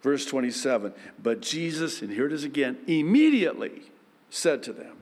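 A man preaching a sermon, unhurried, with sudden animated outbursts. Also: mid-range voice. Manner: slow, building to animated outbursts. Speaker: pastor. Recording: long hall reverb.

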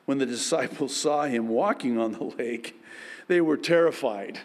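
A man preaching a sermon, unhurried, with sudden animated outbursts. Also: mid-range voice. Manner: slow, building to animated outbursts. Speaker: pastor. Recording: long hall reverb.

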